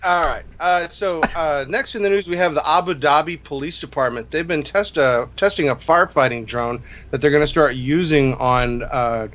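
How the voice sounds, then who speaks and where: A man hosting a live drone show, chatting casually and relaxed, with frequent fillers and restarts. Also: on the high side, normal speed, few pauses, lo-fi sound, a little hiss or hum. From USA. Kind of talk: casual live-stream chat.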